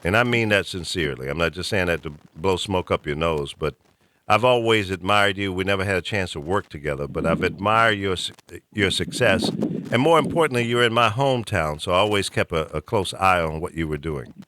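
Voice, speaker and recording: A man's voice: deep voice, animated, fairly quick, pushed and bright. A middle-aged man from the American South hosting a call-in talk show, ranting animatedly and preachily. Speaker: host.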